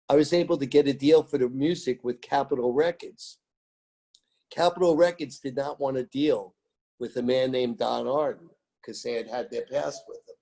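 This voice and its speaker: This American man's voice is dark in tone and medium in pitch. He's being interviewed and tells lively music-business stories, rambling with emphasis and circling back to repeat his words.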